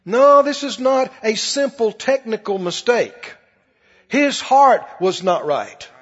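A man's voice: very high voice, animated, slow pace, a bit bright, husky. A man preaching a sermon in a folksy, emphatic way, often putting questions to the audience. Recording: dull echoey hall broadcast.

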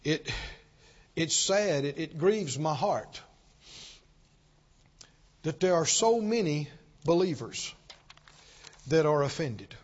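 A man preaching a sermon as pastor, swinging from loud declarations to soft pleading, with repetitive call-and-response. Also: on the high side, animated, slow pace, pauses often, muffled recording.

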